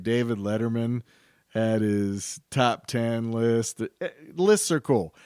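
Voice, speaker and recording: A man's voice: fairly low pitch, no room sound, studio quality. A man hosting a podcast, talking in a rambling, enthusiastic, chatty way. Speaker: podcast host. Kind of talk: casual podcast monologue.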